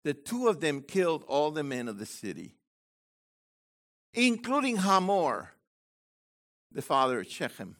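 Animated, bright-voiced male preacher. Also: on the high side, measured pace, pauses often. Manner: animated preaching, swings between loud emphasis and quiet asides; digressive, restarts and asides to the congregation. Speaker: messianic congregation leader. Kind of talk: sermon.

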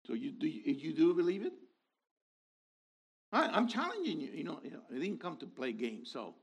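A man in his sixties preaching a sermon, animated, dropping to low asides and rising to loud exhortation. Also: moderate pace, vocal fry, breathy edge.

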